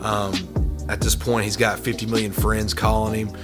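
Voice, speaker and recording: A man's voice: on the low side, monotone, moderate pace, over loud music. A man hosting a reaction video, giving sarcastic, profane commentary on clips. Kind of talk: mocking commentary over clips.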